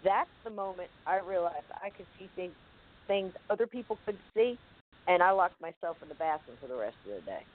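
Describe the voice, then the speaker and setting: A woman's voice: lowish voice, brisk. Woman telling a story over a tinny line. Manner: vivid, animated retelling with acted-out moments. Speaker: guest telling a personal story. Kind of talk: casual spoken storytelling. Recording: tinny phone-line sound, dry.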